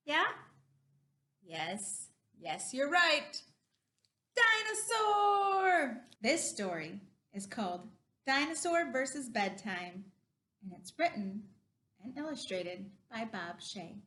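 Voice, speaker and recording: Animated woman librarian at story time. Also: mid-range voice, slow pace. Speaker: children's librarian. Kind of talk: children's story time reading. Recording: roomy echo.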